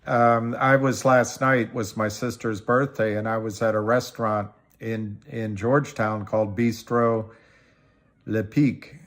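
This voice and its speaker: Slow, halting male livestream host. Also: fairly low pitch, level tone. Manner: slow, halting, many ums and restarts. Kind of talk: casual livestream chat reading viewer comments.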